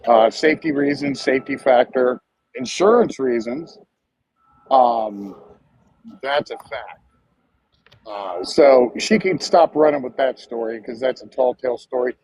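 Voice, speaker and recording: A man's voice: medium pitch, measured pace, darkish tone, husky, no echo. A man joining a livestream as a guest, speaking emphatically with many filler sounds. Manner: emphatic, full of filler uhs. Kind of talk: casual livestream chat. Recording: dull dry lo-fi audio.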